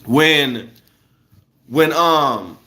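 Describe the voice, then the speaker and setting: Talking extremely slowly in a fairly high voice, a man in his thirties addresses viewers directly on a casual home livestream, telling stories in a loose, animated and profane manner.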